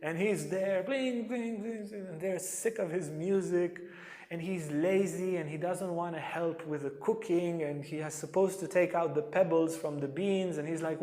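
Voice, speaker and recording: A man teaching a yoga lecture as an animated storyteller, acting out voices in his stories. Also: high-pitched, moderate pace. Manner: animated storyteller, acts out quotes. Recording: echoey hall.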